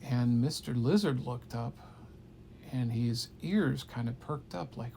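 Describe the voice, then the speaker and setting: A man telling an improvised bedtime story to a child in an animated, playful way, sometimes dropping to hushed tones. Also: medium pitch, slow, gravelly, slight background noise.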